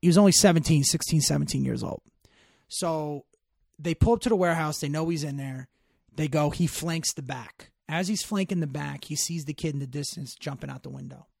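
A man's voice: fairly high pitch, a little fast, gravelly, a little mellow, no echo, clean studio sound. A man telling stories in casual chat, emphatic and full of profanity.

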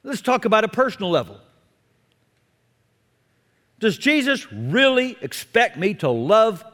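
Male pastor preaching a sermon with wry humor, high lively voice, long hall reverb. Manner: animated, wry self-deprecating humor.

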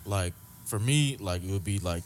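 A man with a lowish voice reacts bluntly and jokes in a casual chat. Clear noise sits in the background around him. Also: expressive, moderate pace.

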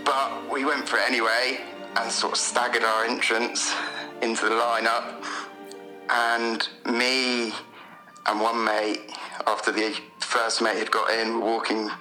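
A man from Bristol calling in to tell a casual anecdote in a relaxed, rambling way. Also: mid-range voice, a little slow. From Bristol, England. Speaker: caller. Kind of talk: casual storytelling. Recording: echoey room with faint music.

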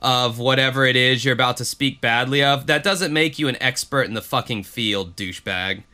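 A man co-hosting a podcast in casual chat, blunt, profane and animated. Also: medium pitch, normal speed. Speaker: podcast co-host.

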